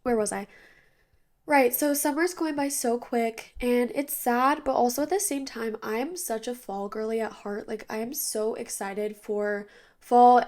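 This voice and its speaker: Young woman, 20s, chatty podcast host, slightly high voice, tired and nasal today. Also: darkish tone. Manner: chatty, bubbly, lots of "like". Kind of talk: casual chat. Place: bedroom with blinds drawn.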